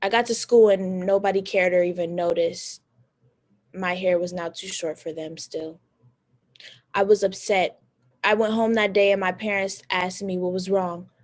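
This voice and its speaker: A woman's voice: medium pitch, steady tone, moderate pace. A teenage girl reciting an earnest personal monologue on stage. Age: teens.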